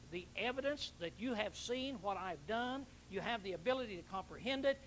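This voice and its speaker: A man's voice: sits high, a bit bright, slight background noise, poor audio. A man preaching a Bible teaching sermon, emphatic, repeating key words and questioning his listeners.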